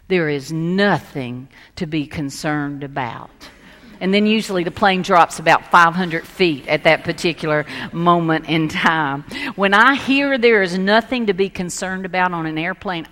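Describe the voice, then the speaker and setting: Woman, pastor, sermon, lowish voice, storytelling, lively then hushed, echoing hall. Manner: storytelling, shifting between lively emphasis and hushed softness. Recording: long reverb of a large hall.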